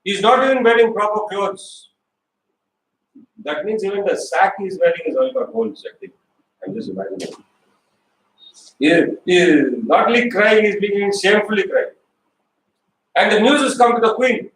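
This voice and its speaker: A man preaching an animated sermon. He tells the story in his own words, acts out the people in it and asks the congregation questions. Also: high voice, moderate pace, pauses often, slight background noise. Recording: echoey hall, recorded from far off.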